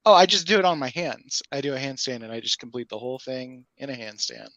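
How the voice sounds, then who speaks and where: A woman's voice: very deep voice, expressive, fast, a bit bright, dry recording. A woman playing in a tabletop game, confident and teasing. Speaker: player. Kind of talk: casual tabletop play.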